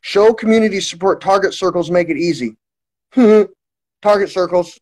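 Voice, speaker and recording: Guy with a pretty high voice ranting on a livestream, keeps restarting, swears a lot. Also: measured pace, darkish tone, rough recording. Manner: repetitive restarts, heavy swearing. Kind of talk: rambling livestream monologue.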